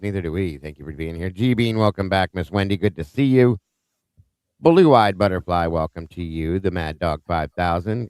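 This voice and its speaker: A deep-voiced man hosts a live true-crime stream, greeting viewers one by one in an upbeat, chatty way and warmly reading their names with small stumbles. His voice is smooth and clear, recorded close and dry with no room sound.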